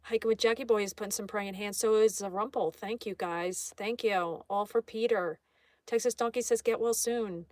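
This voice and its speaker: A woman's voice: medium pitch, steady tone, normal speed, dry recording, studio quality. A woman hosting a live art stream in a casual way, reading viewer comments aloud and greeting each viewer. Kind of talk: casual live-stream chat while drawing.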